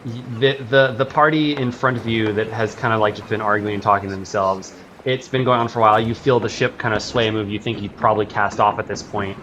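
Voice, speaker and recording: A man with a lowish voice runs the tabletop game, describing each scene in a loose, halting way. Faint noise sits under his voice. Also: steady tone, fairly bright tone. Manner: loose, halting narration with restarts. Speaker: game master.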